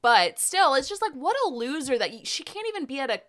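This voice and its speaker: A woman's voice: high-pitched, sing-song, fairly quick, fairly bright tone. A young woman co-hosting a podcast, speaking bluntly and emphatically with casual swearing. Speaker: podcast co-host. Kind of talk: casual chat.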